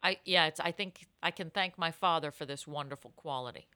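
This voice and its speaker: A woman co-hosting a podcast, telling animated, self-mocking stories in casual chat. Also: sits low, fairly quick, no room sound. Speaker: podcast co-host.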